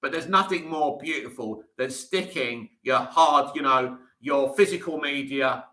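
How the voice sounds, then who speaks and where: Casting note: male livestream host, keen and chatty, bright forceful voice, slightly high, roomy echo. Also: measured pace. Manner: enthusiastic, talks in restarts and asides. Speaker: livestream host reading viewer comments. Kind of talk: casual live chat. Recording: echoey room.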